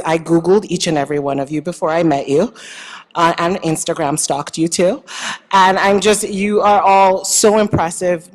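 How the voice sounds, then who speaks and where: A woman with a Nigerian accent gives a heartfelt acceptance speech in a large event hall, her voice sitting a little low and trailing off in a long hall reverb. She mixes faith with light self-deprecating humor. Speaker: award honoree.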